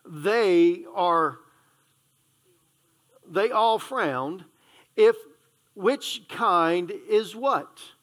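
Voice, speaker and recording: Male pastor reading a children's book aloud, slow and playful, with asides. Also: sits high, a bit bright. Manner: reads slowly and playfully, stumbling and correcting himself, adding asides.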